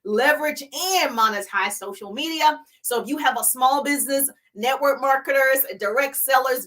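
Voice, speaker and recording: A woman's voice: sits high, normal speed, hardly any pauses, fairly bright tone, poor audio. A middle-aged woman business coach giving an emphatic, hyped live-streamed pep talk, chatty and laughing between points.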